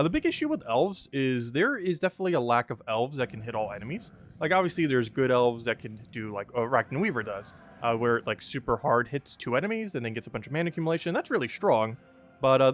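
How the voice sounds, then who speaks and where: Lively chatty young man streaming a game. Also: medium pitch. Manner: chatty, laughs often, many fillers. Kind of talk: casual live-stream commentary.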